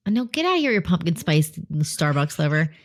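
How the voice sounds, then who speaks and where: A woman's voice: deep voice, very animated, fairly quick. A woman co-hosting a podcast, chatting about films with playful, bossy teasing and plenty of enthusiasm. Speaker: podcast co-host. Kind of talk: casual film chat.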